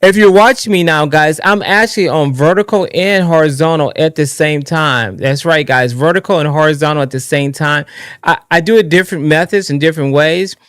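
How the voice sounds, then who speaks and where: Excitable man hosting a livestream. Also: on the high side, fairly quick, smooth, dry recording, studio quality. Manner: excitable, rambling, restarts often, sings and shouts greetings. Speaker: livestream political show host. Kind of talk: casual live-stream talk.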